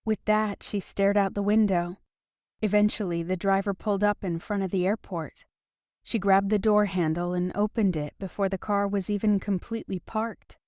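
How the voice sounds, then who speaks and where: A woman narrating a romance audiobook in an even, measured way. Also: medium pitch, dry recording, clean studio sound. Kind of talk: scripted narration.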